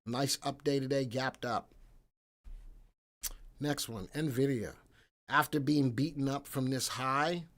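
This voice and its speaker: A man in the middle of his own range hosts a casual stock market live stream. He chats with viewers by name and thinks out loud as he works. His voice swings from a mutter to loud excitement when he reacts to the chat. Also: mid-range voice, slow, pauses often. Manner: chatty, thinks aloud and answers viewers by name.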